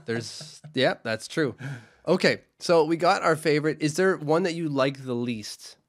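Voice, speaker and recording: A man's voice: a little high, measured pace. Chatty, enthusiastic male podcast host. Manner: chatty, enthusiastic, repeats himself. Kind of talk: casual chat.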